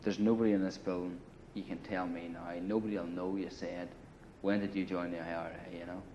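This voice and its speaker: Captured on dull lo-fi 1980 film audio with slight background noise, a man with a deep, dark voice talks a little fast in a flat delivery. He's an interviewee casually relating a long, rambling, profane war story in a grungy apartment, with lots of "you know" and "right."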